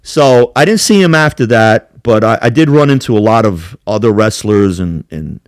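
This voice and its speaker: Male podcast co-host, animated profane storyteller, dry studio sound. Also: fairly low pitch, moderate pace, no echo. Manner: profane, laughing, acts out voices in anecdotes. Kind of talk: casual storytelling chat.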